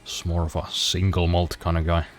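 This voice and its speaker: A man with a very deep voice talks loosely over a racing game, tossing off dry, self-mocking jokes. Faint game music runs quietly behind him. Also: completely flat delivery, normal speed. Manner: dry self-deprecating humor, swears casually. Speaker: streamer. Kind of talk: casual gameplay commentary.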